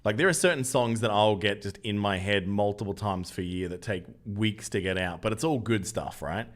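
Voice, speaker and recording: A young Australian man with a lowish voice streams a mobile game at normal speed. He jokes loosely with viewers, reading out the chat and answering it as he plays.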